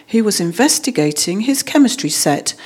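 A woman reading a children's storybook aloud in a measured, expressive way. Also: medium pitch, husky.

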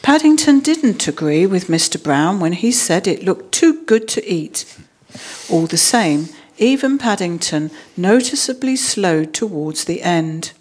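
A woman reading a children's storybook aloud in a measured, expressive way. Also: on the low side.

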